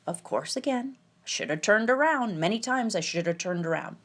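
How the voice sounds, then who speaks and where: A woman telling a tense personal story, halting and quoting the people she met. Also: medium pitch, lively intonation. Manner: tense, halting retelling with quoted dialogue. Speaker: podcast storyteller.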